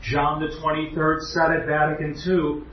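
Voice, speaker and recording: A man's voice: fairly high pitch, completely flat delivery, moderate pace. A man giving an earnest, emphatic doctrinal lecture as a preacher, with rhetorical questions. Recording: echoey hall, distant, muffled.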